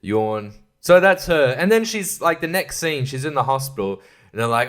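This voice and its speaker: A man's voice: medium pitch, lively intonation, moderate pace, a bit bright. A man hosting a podcast, reviewing a film in a sarcastic, rambling way, with lots of swearing and laughter at his own jokes. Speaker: podcast host.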